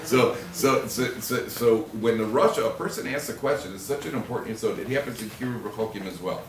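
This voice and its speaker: A man giving an animated Torah class as a rabbi, joking and acting out quoted husbands and wives. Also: mid-range voice, fairly quick, far from the mic, a little hiss or hum. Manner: animated storytelling, acts out quoted husbands and wives, jokey asides. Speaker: rabbi lecturer. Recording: echoey room recorded from afar, faint ambience.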